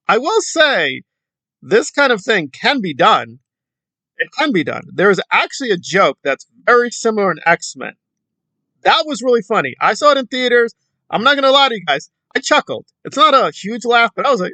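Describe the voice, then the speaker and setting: Guy doing youtube commentary, kinda high bright voice, lots of uh's, dry sound. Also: expressive, brisk, no echo. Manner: rambling, hesitant, with frequent fillers. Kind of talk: casual commentary.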